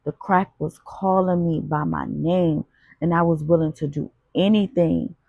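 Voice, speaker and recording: Gravelly, husky woman narrating an audiobook. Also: sits low, fairly even intonation, unhurried, dry recording, narrow, tinny audio. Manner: raw, confessional street storytelling. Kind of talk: first-person audiobook narration.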